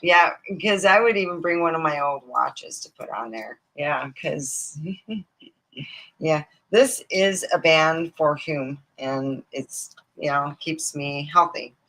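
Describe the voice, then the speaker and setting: A woman's voice: low voice, takes it slowly, a bit bright, poor audio. A woman from Nevada hosting a livestream, rambling casually, digressing, swearing freely and acting out quoted voices. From Nevada, USA. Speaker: livestream host.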